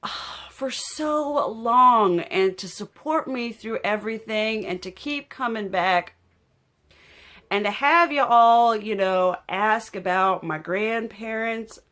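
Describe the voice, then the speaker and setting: A young adult woman with a fairly high, slightly bright voice talks slowly to her viewers as she does her makeup. This beauty vlogger's get-ready-with-me chat is casual and rambling, heartfelt and often emotional.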